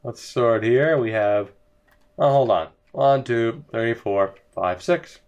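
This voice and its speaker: Sarcastic, fed-up young gaming commentator. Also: male voice, medium pitch, takes it slowly, a little mellow. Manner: exasperated, sarcastic, rambling. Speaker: gaming video creator. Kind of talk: let's-play commentary.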